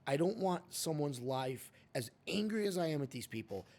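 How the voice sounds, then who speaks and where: A man's voice: fairly high pitch, sing-song, moderate pace, a little mellow. Male podcast host, emphatic and opinionated, casual chat. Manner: opinionated and emphatic, often addresses his co-host by name.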